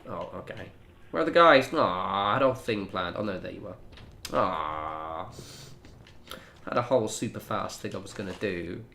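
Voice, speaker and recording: A man's voice: low-pitched, expressive, measured pace, creaky, bright, forceful tone, slight background noise. A young man chatting casually while he streams a game, rambling in asides to his viewers. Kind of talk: casual gameplay commentary.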